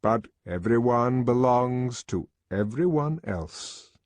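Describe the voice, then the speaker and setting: A man voicing a calm, authoritative world controller who lectures in a measured way. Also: medium pitch, slightly rough, no echo, heavily acted. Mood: lecturing.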